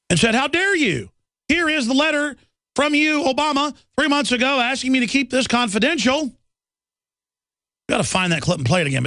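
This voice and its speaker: Gravelly, indignant male talk radio host. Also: a little high, fairly bright tone, no echo, studio quality. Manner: emphatic, indignant, sarcastic. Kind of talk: political talk radio monologue.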